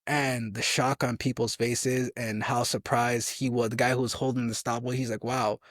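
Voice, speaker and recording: A man's voice: mid-range voice, level tone, normal speed, fairly bright tone, no echo, clean studio sound. A young man in his twenties, an army soldier telling stories in a casual interview, rambling with restarts and acting out quotes.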